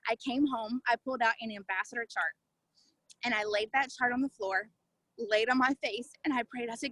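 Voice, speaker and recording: A woman's voice: a little high, steady tone, moderate pace, fairly bright tone, no room sound, low-quality recording. A woman telling her own story in an emphatic, fervent way on a video call. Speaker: network marketing distributor. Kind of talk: testimonial talk on a video call.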